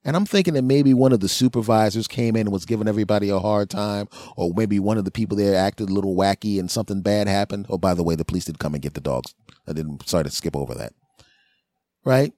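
A man's voice: on the low side, quick pace, no echo, studio quality. A man hosting a podcast, telling a rambling comic story and acting out the people in it. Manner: rambling, animated, acts out voices. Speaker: comedian podcast host.

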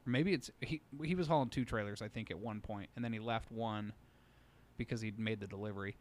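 A man's voice: on the low side, brisk, slight background noise. A man co-hosting a podcast in a studio, telling a long story in casual chat full of fillers. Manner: rambling storyteller, many fillers. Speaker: podcast co-host.

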